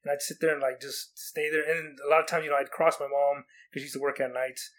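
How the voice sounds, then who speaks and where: A young man from Oregon tells a rambling story in casual chat, his words tumbling out quickly in a slightly high voice. He restarts often and acts out what people said. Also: little pitch movement, a bit bright. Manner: rambling, many likes and restarts, acts out quotes.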